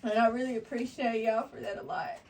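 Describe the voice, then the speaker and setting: A woman's voice: on the high side, fairly even intonation, fairly quick, a little mellow. A woman hosting her own listening event, giving a heartfelt, tearful thank-you speech to friends in a studio. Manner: heartfelt, tearful, laughing between words. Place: recording studio with a gathered crowd. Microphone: far from the mic. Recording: distant room mic with music behind.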